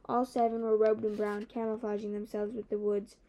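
A woman narrating a fantasy novel in the first person, with steady, even storytelling. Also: mid-range voice, brisk. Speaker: audiobook narrator.

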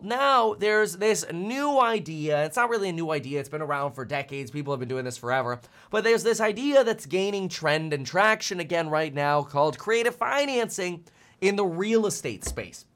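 A man's voice: high-pitched, a bit bright. A man streaming finance commentary, ranting bluntly and fired up, often stumbling over repeated words.

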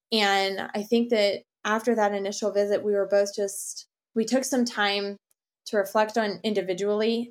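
A young adult woman, a podcast guest, speaking openly and earnestly about her personal experience. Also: medium pitch. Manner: open, earnest, says "y'all"-style casual "like". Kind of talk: personal story in interview.

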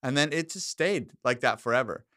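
A man's voice: mid-range voice, animated, a little fast, pushed and bright, no echo, studio quality. A middle-aged man co-hosting a podcast, chatting casually and rambling through family stories, acting out what others said. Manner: rambling storyteller, acts out quoted family lines. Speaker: podcast co-host. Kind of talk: casual chat.

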